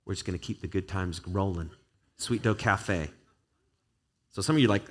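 A pastor with a fairly low voice preaching in an earnest, conversational way. He talks to his church as he would to friends and moves into spoken prayer. His words carry plain encouragement. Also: moderate pace, long pauses, fairly bright tone. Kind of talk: sermon.

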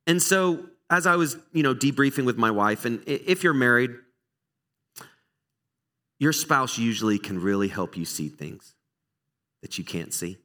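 A middle-aged man preaching a conversational sermon as a pastor, telling stories about himself with candid, animated, self-deprecating energy. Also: mid-range voice, a little slow, pauses often.

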